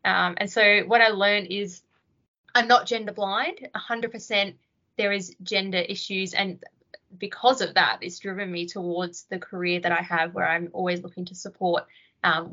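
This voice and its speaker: A woman's voice: mid-range voice, pushed and bright, highs cut off. A woman, a podcast guest, reflectively telling stories from her military service. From Australia. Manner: reflective storytelling. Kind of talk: podcast interview.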